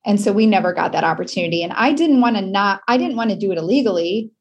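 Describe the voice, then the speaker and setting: A woman's voice: medium pitch, expressive, quick pace, muffled recording. A middle-aged woman from Wisconsin, a guest in an interview, telling a personal story earnestly and with feeling.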